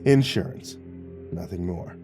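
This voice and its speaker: A man's voice: deep voice, animated, measured pace, dark tone, faint music behind. A man voicing a domineering, sneering military commander who barks orders and mocks. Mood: menacing. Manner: barking orders, mocking.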